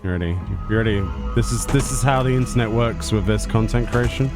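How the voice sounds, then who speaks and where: A man casually commenting as he plays a video game, his voice mid-pitched and relaxed. His remarks are wry and self-mocking, with faint game music playing behind him. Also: brisk. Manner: wry, self-mocking asides, chuckles to himself. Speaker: gameplay streamer. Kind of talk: casual let's-play commentary.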